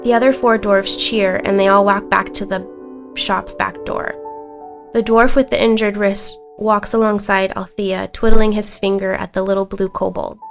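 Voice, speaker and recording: A woman's voice: mid-range voice, moderate pace, vocal fry, soft background music. A young woman playing her character in a tabletop role-play, narrating and voicing it with giggly energy. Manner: giggly, bubbly, animated when voicing her kobold. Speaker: player.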